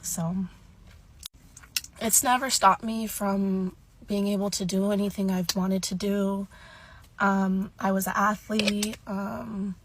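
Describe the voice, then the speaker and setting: A woman in her twenties speaking hesitantly and emotionally about something personal, with many pauses. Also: medium pitch, little pitch movement, rough recording. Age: 20s. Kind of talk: personal confession to camera.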